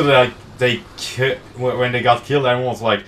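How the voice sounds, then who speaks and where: A man's voice: medium pitch, steady tone, brisk, hardly any pauses, fairly bright tone. A young man playing a video game with a friend, goofy and prone to mock-dramatic exclamations. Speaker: let's play co-host. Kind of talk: casual gaming banter. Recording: distant mic with faint room noise.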